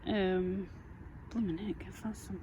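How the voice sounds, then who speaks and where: A Yorkshire woman chatting to camera out in a muddy field, easily excited by what she finds. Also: mid-range voice, unhurried, a little hiss or hum, low-quality recording. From England. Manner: chatty, easily excited, talks to herself and viewers. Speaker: metal detecting vlogger. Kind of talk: casual talk to camera while digging.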